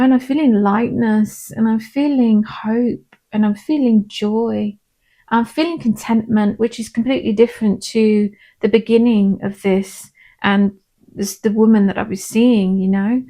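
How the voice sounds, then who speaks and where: A woman, a tarot reader and medium, gently and reassuringly talking viewers through a pick-a-pile reading. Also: medium pitch. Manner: gentle, reassuring, unhurried, with frequent "um" and "I'm feeling".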